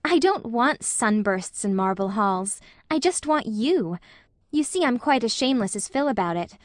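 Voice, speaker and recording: A wistful, imaginative young woman , voiced by a woman narrator, speaking softly and with feeling. Her voice sits fairly high and swells at the emotional moments of this storybook scene. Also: animated, normal speed, no room sound, studio quality, close to an everyday voice. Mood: affectionate. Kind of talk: audiobook character reading.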